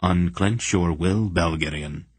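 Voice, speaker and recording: A man doing a sharp, commanding inner spirit voice. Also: sits low, takes it slowly, breathy edge, no room sound, full character voice. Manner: sharp, assured. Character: commanding unseen male spirit voice in mind.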